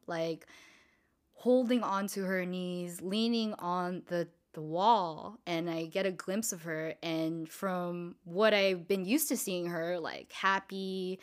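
A young woman from Southern California casually telling a personal story, swearing freely and filling her talk with "like" and "you know.". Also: on the low side. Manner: casual, profane, lots of filler words.

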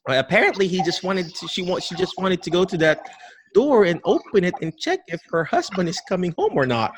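Slight background noise sits behind a man with a somewhat high voice who talks fairly quickly. He's a dementia care educator on a podcast call interview, animated, restarting often, and acting out caregivers greeting patients.

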